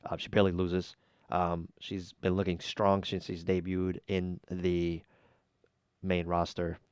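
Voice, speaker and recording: A man's voice: sits low, completely flat delivery, measured pace, a little mellow, clean tone, no room sound, studio quality. A man hosting a casual reaction video, giving blunt, chatty opinions with plenty of ums and uhs. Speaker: YouTube reaction host.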